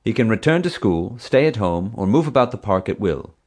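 A man's voice: on the low side, big pitch swings, fairly quick, a little mellow, breathy edge, voice pushed up. A man reading an audiobook voices a stern, commanding female theme park boss who gives curt orders. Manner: curt, bossy, clipped orders.

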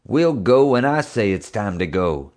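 A man's voice: on the low side, very animated, measured pace, a little mellow. A man voicing a big, tough male policeman who has turned terrified and whimpering. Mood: gruff. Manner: whimpering, fearful.

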